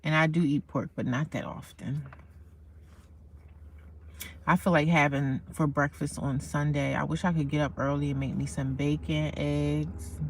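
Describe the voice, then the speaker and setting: A woman's voice: sits low, steady tone, measured pace, a little hiss or hum. A woman rambling casually on a livestream from inside her parked car, repeating herself and calling her viewers y'all and honey, recorded on a phone. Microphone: phone camera.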